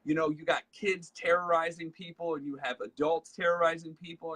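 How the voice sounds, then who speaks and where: A chatty man hosts a casual leadership talk. His voice is bright and a little husky. He tells stories loosely, full of fillers, and acts out the lines of the people in them. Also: a little high, little pitch movement, brisk. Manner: chatty storyteller, acts out dialogue, many fillers. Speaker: host.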